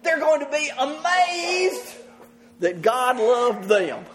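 A man's voice: extremely high pitch, very animated, takes it slowly, a bit bright. A man preaching a sermon to a congregation, earnest and often laughing as he speaks. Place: church service with congregation.

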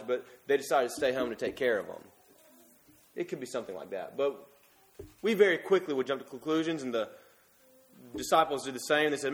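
A man preaching a sermon in an earnest, emphatic way, often restarting his words. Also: medium pitch.

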